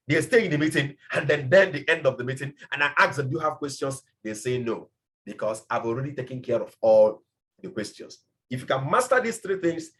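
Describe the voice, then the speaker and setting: Passionate high-voiced male business mentor. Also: a bit bright. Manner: passionate, emphatic, repeats phrases. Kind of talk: motivational training talk.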